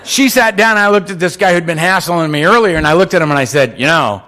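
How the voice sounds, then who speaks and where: A man's voice: high-pitched, fast talker. A man telling a humorous, self-mocking personal testimony at a conference podium. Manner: animated, self-mocking storytelling. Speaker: recovery speaker.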